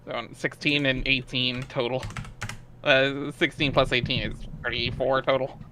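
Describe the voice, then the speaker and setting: Man, bright forceful voice, excitable, tabletop player, typing behind. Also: mid-range voice, measured pace, a little hiss or hum. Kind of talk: casual chat at a tabletop game.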